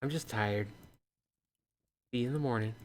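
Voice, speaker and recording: A man's voice: medium pitch, normal speed, lightly acted. A man voicing a guarded, weary young man in a survival story, with short and terse replies.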